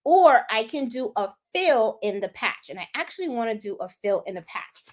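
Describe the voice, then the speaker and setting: A woman hosting a live embroidery tutorial, chatting casually and thinking aloud as she clicks through design software. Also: a little high, big pitch swings, moderate pace. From Puerto Rico. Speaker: sewing and embroidery channel host.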